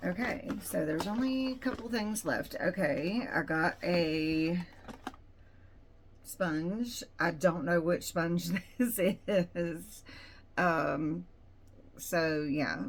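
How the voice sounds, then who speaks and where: A woman vlogger chatting casually through an unboxing at home, rambling and frank with her opinions. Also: lowish voice.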